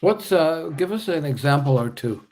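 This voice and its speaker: An older man interviewing a guest in a relaxed, conversational way, with filler pauses. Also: on the high side.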